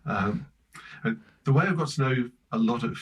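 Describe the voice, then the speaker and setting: Husky English man telling road-trip stories. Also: mid-range voice, normal speed, lo-fi sound. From Britain. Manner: animated storyteller, laughing often. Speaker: podcast guest. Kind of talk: casual chat.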